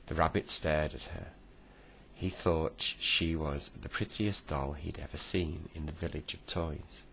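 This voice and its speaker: A man reading a bedtime story aloud, slow and deliberate. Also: very deep voice, fairly even intonation, creaky, fairly bright tone, slightly rough.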